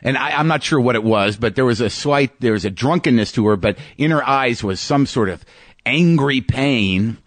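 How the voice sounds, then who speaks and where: Man, comedian and podcast host, storytelling, halting with restarts, mid pitch, dry close sound. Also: no room sound. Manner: halting, with frequent restarts and repeated words; reflective, searching for words. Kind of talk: storytelling monologue.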